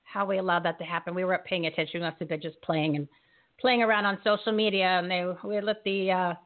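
A woman hosting a live show in an energetic, emphatic way, rallying her audience. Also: fairly low pitch, quick pace. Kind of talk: casual live show talk. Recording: tinny phone-like line.

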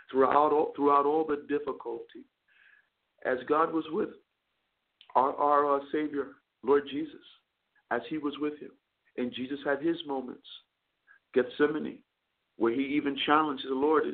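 A man who is a chaplain and radio show host, preaching a sermon with repeated words and fervent build-ups. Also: a little high. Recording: tinny phone-line audio.

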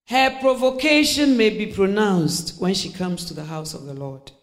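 A woman's voice: medium pitch, moderate pace. A middle-aged woman preaching a sermon, telling stories with laughter, acting out voices and dropping to near-whispers.

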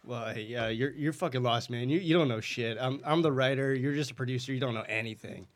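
A man's voice: medium pitch, a little fast. A man improvising a comedy sketch, rambling and stammering with a blustery, indignant manner.

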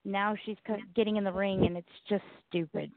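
A woman's voice: medium pitch, fairly even intonation, fairly quick, no room sound. Southern woman co-host, blunt and rambling, self-mocking, over a thin phone-like line. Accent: Southern American. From Southern United States. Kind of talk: casual chat. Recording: tinny phone-like line, dry.

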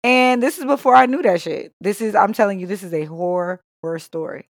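A woman's voice: medium pitch, a little fast, no room sound, clean studio sound. A young woman co-hosting a podcast, telling a story in casual chat with lots of swearing, acted-out quotes and laughter. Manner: animated, profane, laughing storyteller who acts out quotes. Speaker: podcast co-host.

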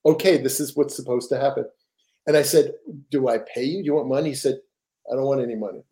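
Quick-paced and medium-pitched, an older guest author rambles animatedly through stories in a relaxed interview, frequently starting his sentences over.

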